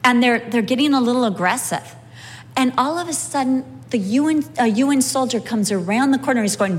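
A woman telling personal stories in a sermon, lively and humorous as she recounts them. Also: high voice, fairly quick. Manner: animated, humorous storytelling. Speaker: speaker sharing a testimony. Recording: long hall reverb.

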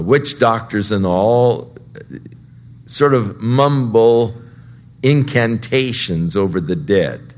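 A man preaching a verse-by-verse Bible teaching sermon, conversational and unhurried, rising louder at dramatic points. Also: lowish voice. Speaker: pastor.

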